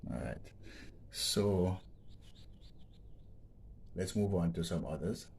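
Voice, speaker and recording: A man's voice: deep voice, animated, slow, vocal fry, darkish tone, a little hiss or hum. A man teaching a grammar lesson, explaining patiently and checking in with "okay?" as he repeats each point. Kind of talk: educational vlog lesson.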